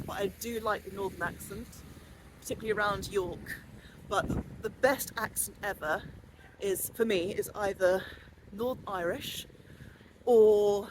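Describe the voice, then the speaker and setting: A woman's voice: medium pitch, noisy background. A woman in her forties with a southern English accent, chatting casually and rambling a little as she films a vlog while walking outdoors. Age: 40s. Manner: chatty, rambling, self-deprecating. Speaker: vlogger.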